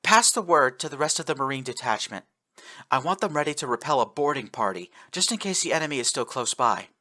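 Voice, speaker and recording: A man voicing a young female acting captain who gives brisk orders to her crew. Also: medium pitch, animated, sharp tone, pitched above the performer's own voice. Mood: commanding. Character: young woman acting starship captain, commanding.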